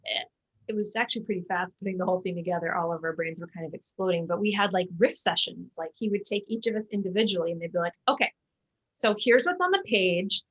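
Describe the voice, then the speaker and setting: A woman's voice: lowish voice, fairly even intonation, quick pace, husky. Chatty woman with a slightly dull sound. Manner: chatty, many fillers and restarts. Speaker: guest, musical theater actor. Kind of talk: casual interview chat.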